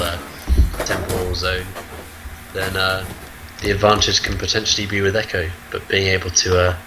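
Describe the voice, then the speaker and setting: Deep scottish guy casting a game, lots of uhs, low voice. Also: bright, forceful tone, slight background noise, poor audio. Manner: hesitant, many ums and uhs. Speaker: esports caster. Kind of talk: casual game commentary.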